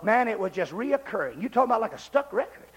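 A man preaching a revival sermon, shouting at the climaxes and dropping low for asides. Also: sing-song, quick pace. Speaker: pastor.

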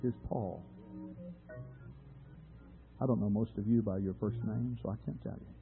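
A man's voice: lowish voice, fairly even intonation, normal speed. A man preaching an earnest, emphatic sermon to his congregation. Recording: tinny phone-like sound with faint music.

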